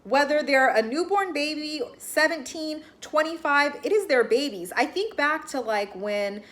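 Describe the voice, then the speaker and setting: Woman host, slightly high voice, rambling casual TV recap, exasperated asides. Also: expressive, unhurried, fairly bright tone. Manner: chatty, heavy use of "like", exasperated asides. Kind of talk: casual reaction commentary.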